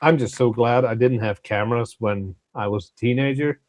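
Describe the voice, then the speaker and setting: A man's voice: medium pitch, moderate pace, a little mellow, no room sound. Male guest, blunt and crude, wisecracking, close dry sound. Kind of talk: casual livestream chat.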